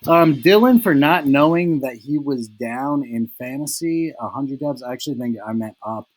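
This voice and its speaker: A man's voice: mid-range voice, lively intonation, normal speed, low-quality recording. A young man hosting a casual fantasy football recap, teasing his friends in a rambling way full of "like" and "um.". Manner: teasing, lots of "like" and "um" fillers.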